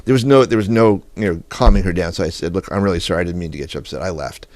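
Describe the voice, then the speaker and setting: A man with a very low voice rattles through his story at a quick clip, animated and full of quoted dialogue. He sits at a studio mic on a radio show. The sound is close and dry. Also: no echo. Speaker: guest photographer. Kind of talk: storytelling interview.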